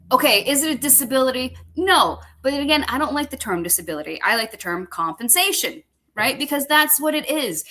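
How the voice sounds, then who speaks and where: A woman working as a veterans director, telling stories and ranting with frequent swearing, acting out the voices of people in her stories. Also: on the high side. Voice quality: bright, expressive, swears freely. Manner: acts out both sides of conversations, laughs often. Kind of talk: profane animated storytelling and ranting.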